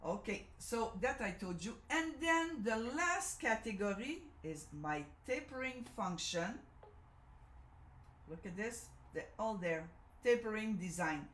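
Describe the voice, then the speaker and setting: A woman with a slightly bright, higher-pitched voice shows off a sewing machine live in an echoey room. She speaks with a Canadian French accent, French being her first language, and her chatty delivery is full of self-corrections and repeated "okay?" checks.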